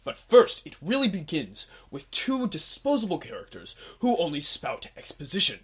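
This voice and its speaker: A stiff, overly formal male troll who gets carried away with excitement, as a woman acts him out. The voice is low and husky, and the pitch swings widely when he gets worked up. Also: moderate pace, exaggerated voice. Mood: lecturing. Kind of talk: cosplay comedy sketch.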